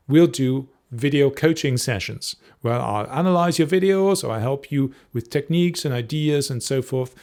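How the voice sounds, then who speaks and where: A man's voice: medium pitch, creaky, a little mellow. Man coaching on presenting to camera. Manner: direct and coaching, checks in with the viewer. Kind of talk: instructional talk to camera.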